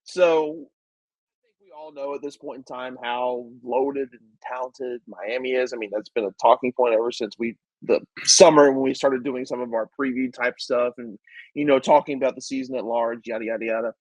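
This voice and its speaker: A man's voice: mid-range voice, steady tone, normal speed, no room sound, poor audio. A man co-hosting a sports podcast, chattily walking through statistics and quizzing the others. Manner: chatty, presents stats with quizzing asides. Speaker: podcast co-host, stats segment. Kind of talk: casual sports podcast chat.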